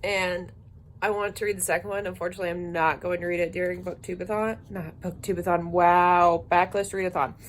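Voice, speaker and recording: A woman's voice: steady tone, quick pace. Young female booktuber, exhausted and drowsy, chatting casually at night. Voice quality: sleepy, low-energy delivery. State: tired, yawning. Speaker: book vlogger. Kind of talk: casual late-night vlog.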